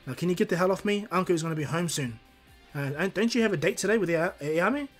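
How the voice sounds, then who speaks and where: A man's voice: high-pitched, animated, fast, faint music behind. A man doing a brash teenage ninja boy. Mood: teasing.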